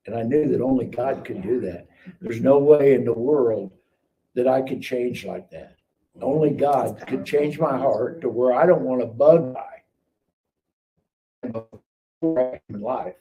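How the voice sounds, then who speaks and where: A medium-pitched, warm male voice at normal speed carries a guest's casual testimony about his life, complete with acted-out dialogue. He's recorded on a live stream call mic that sounds distant, with a bit of noise.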